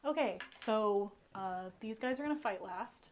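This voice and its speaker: A woman's voice: medium pitch, expressive, a little slow, crowd noise. A woman playing a tabletop wargame on a live stream, chatting casually, laughing often and talking through her moves. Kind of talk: casual live battle report chat.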